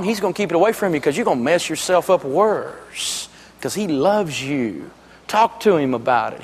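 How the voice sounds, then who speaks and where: A man's voice: sits high, long reverb tail. A man giving a live seminar talk, telling jokey stories in a folksy, emphatic way. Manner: joking storyteller, folksy and emphatic. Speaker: money speaker and radio host.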